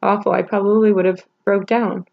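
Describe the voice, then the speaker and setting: A woman talking haltingly in a personal vlog, holding back tears, with many pauses and restarts. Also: mid-range voice, steady tone, gravelly, phone-quality sound. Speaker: vlogger.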